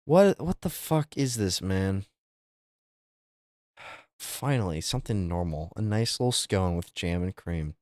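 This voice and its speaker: A man's voice: low voice, lively intonation, unhurried, pauses often, a little mellow, dry recording. Young guy streamer, voice jumping all over the place, swears a lot, super dry close sound. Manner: incredulous, swearing, exaggerated reactions. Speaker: live streamer. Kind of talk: casual live-stream chat.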